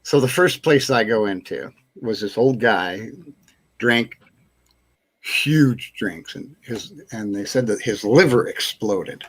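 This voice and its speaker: A man's voice: fairly low pitch, expressive, slow, fairly bright tone. A man hosting a casual live chat show, telling a long rambling anecdote, chuckling and acting out what people said. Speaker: host.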